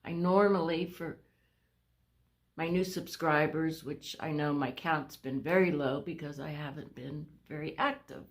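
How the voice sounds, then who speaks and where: A woman vlogging a personal update to her viewers on a phone camera. She is short of breath, halting, and restarts often. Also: lowish voice, a little mellow. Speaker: vlogger sharing a health update. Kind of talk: casual talk to camera.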